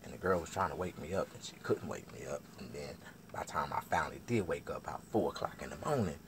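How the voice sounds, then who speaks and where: Drawling lively storytelling comedian man. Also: extremely low pitch, fast, creaky, background noise. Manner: drawling, lively, swears a lot. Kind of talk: profane comic storytelling.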